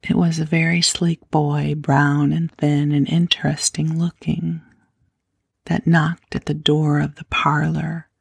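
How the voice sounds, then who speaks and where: A woman reading a classic children's story aloud in a soft, unhurried whisper. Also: low-pitched, gravelly, slightly rough, dry recording, clean studio sound.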